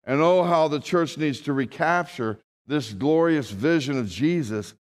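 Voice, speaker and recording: A man preaching a sermon as a pastor, with dramatic swings from hushed, low reading to loud, raised proclamation. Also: expressive, a little slow. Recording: long hall reverb.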